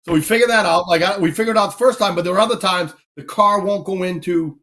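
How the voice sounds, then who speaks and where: Podcast host, man with a high voice, animated, swearing storyteller who acts out the quotes. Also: fast talker. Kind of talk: casual chat.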